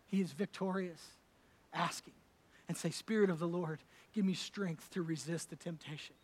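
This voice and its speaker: A male pastor preaching a sermon at a church service, conversational and emphatic, swinging between loud declarations and soft asides. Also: fairly high pitch, fairly even intonation, moderate pace, husky.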